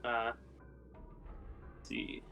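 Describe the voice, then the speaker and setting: A man's voice: extremely slow, bright, forceful tone, faint music behind. A man running a tabletop game, narrating casually with lots of fillers. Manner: rambling, many fillers. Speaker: game master.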